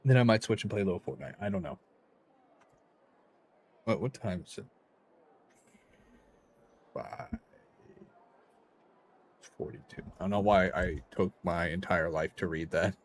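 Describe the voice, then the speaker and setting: A tired man talks his way through a game stream in a low voice, half to himself and half to his viewers. His commentary is loose and rambling. A faint hum of ambience sits behind him. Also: a little slow, pauses often. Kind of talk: casual live gameplay commentary.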